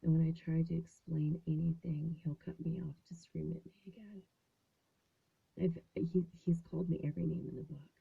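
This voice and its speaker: A woman in her fifties hosts a show from a small closet at home, telling a story in a chatty, casual way and acting out the voices she quotes. Her voice is low, gravelly and slightly rough, with fairly even intonation at a normal speed. The recording has a narrow, phone-like sound.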